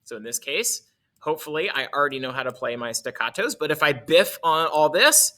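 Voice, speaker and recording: A man's voice: fairly high pitch, animated, fairly quick, bright, forceful tone. A male music teacher explaining articulation in a casual way, correcting himself as he goes and demonstrating on his instrument.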